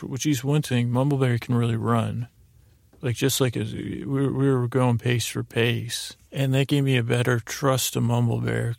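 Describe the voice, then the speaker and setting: A man telling a meandering, improvised bedtime story in a halting way, full of restarts and repeated "I said". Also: mid-range voice, vocal fry, dry recording, studio quality. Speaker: sleep story narrator.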